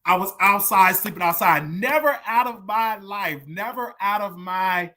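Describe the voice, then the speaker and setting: A show host in their thirties telling a personal story in a monologue, emotional and repetitive, swinging from hushed to loud. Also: medium pitch, measured pace. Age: 30s.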